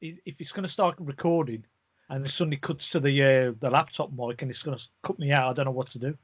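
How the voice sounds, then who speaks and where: A man's voice: medium pitch, steady tone, fast talker, dry recording, dull audio. A man co-hosting a podcast over a video call, chatting casually and sounding flustered as he explains his microphone trouble. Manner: flustered, explaining a tech problem. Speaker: podcast co-host.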